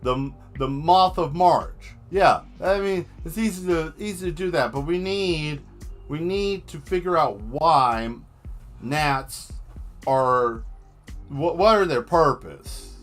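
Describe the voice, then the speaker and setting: A man's voice: on the high side, takes it slowly, soft background music. A man hosting a painting livestream, chatting casually with viewers in a rambling, joking way. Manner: rambling, joking, answers the chat.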